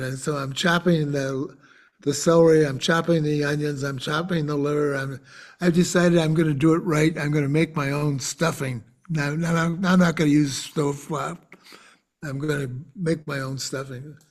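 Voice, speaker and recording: A man who is a podcast guest and author, telling a personal story in an earnest, animated way with frequent restarts. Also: fairly high pitch, measured pace.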